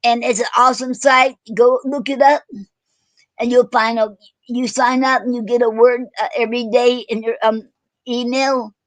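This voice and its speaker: A woman hosting a casual online poetry show, talking haltingly with many fillers and self-corrections. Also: fairly high pitch, little pitch movement, no room sound, rough recording. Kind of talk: casual live-stream chat.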